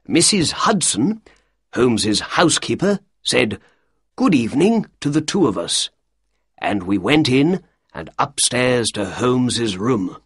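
A man narrating an audiobook at an unhurried pace, slow and clear. His voice is slightly husky, the intonation lively, and the recording close and dry. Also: medium pitch, no room sound. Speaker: audiobook reader. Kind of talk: reading a story in the first person.

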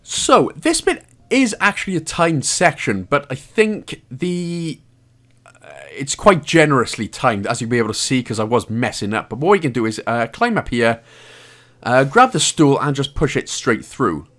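Lively Welsh man narrating a game. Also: medium pitch, moderate pace. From Wales. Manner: jokey, chatty, swears casually. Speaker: gaming guide host. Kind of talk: game walkthrough commentary.

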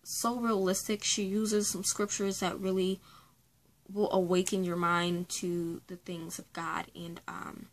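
A woman's voice: lowish voice, little pitch movement, a little slow, low-quality recording. Earnest chatty young woman reviewing a book. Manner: chatty, earnest, with many fillers. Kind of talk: casual book review vlog.

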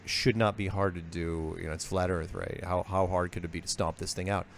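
A man with a fairly low voice tells his story as a guest on an interview show. He talks in a loose, animated way and acts out the lines of other people. A faint noise hums behind him. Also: a little fast. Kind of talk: casual storytelling.

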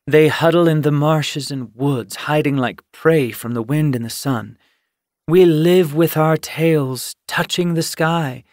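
A man's voice: on the high side, slow pace, darkish tone, no room sound, clean studio sound, pitched above the performer's own voice. Proud older queen cat in an audiobook, firm and dismissive; a male narrator plays her.

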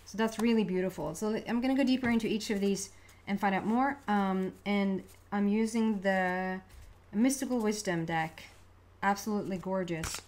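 A woman giving a casual, chatty tarot reading, excitable and quick to laugh, often restarting her words. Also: medium pitch, a little hiss or hum. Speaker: tarot card reader.

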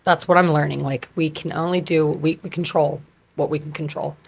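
A woman in her thirties, a podcast guest, talking in a chatty, animated way with lots of fillers. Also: low voice, a little fast, gravelly, slightly rough. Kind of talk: casual conversation.

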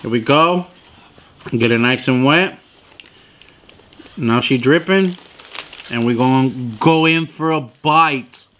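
A young man reviewing sandwiches in a casual food vlog, swearing freely and complaining loudly in disbelief about small portions. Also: medium pitch, slow, pauses often. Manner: profane, animated, incredulous complaining.

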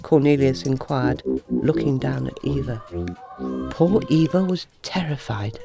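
A woman reads a children's story aloud in a low voice that rises and falls with lively expression. Music plays softly underneath her. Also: measured pace, gravelly. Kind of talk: storybook narration. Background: soft music.

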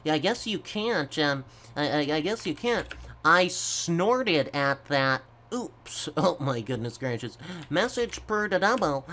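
Slow, stammering goofy male gamer. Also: on the high side, very animated, bright, forceful tone. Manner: slow, stammering, goofy, keeps addressing folks. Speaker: gaming YouTuber. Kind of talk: gameplay commentary.

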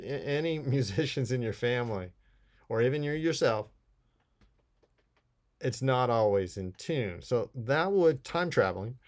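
A man lectures his college English class in a recorded video lesson. He talks at an easy, conversational clip and drops playful asides as he works through each poem. His voice sits in an ordinary middle register. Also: mid-range voice. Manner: conversational, playful asides while explaining poems.

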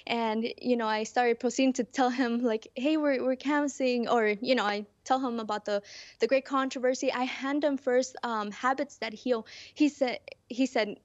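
Chatty young woman, higher voice. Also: normal speed, no room sound, lo-fi sound. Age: young adult. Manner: lively, chatty storytelling with "like" and "you know". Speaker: college student guest. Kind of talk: personal story in a studio interview.

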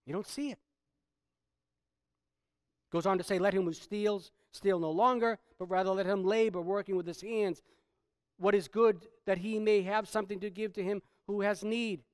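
A man pastor preaching a sermon, swinging from quiet stretches to loud, emphatic preaching. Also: high-pitched, steady tone, moderate pace, clean tone, no echo, clean studio sound.

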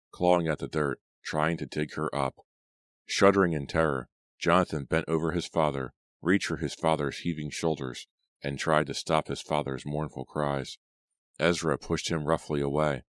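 Deep-voiced male reader for a horror audiobook, measured and dramatic, close and dry. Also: no room sound. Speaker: audiobook narrator. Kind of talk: scripted narration.

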